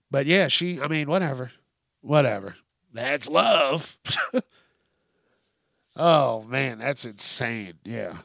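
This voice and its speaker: Podcast host, male, ranting hard and swearing a lot; gravelly, slightly high voice, dry close sound. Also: sing-song, unhurried, long pauses, fairly bright tone, dry recording. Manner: heated, sweary, sarcastic. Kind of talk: profane comedic rant.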